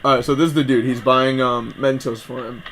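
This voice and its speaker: A young man co-hosting a casual podcast, telling stories in a profane, animated way with frequent laughs. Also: medium pitch, fairly quick. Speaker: podcast co-host. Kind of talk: casual chat. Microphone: shared podcast mic.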